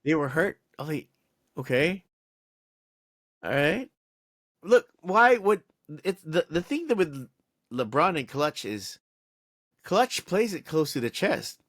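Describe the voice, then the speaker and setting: This sports podcast co-host is lively and fed up, airing his frustrations in casual chat while tripping on false starts. He speaks unhurriedly in a slightly higher-than-average male voice, captured close and dry without any echo.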